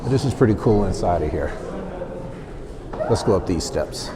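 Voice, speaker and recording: A man with a deep, low voice chats breathlessly to his handheld camera while climbing a narrow tower. His running commentary is casual and loose. Clear background noise from the surroundings sits under his voice. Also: expressive, normal speed. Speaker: travel vlogger. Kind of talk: casual travel vlog narration. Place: inside a stone tower and outdoors at a canyon rim.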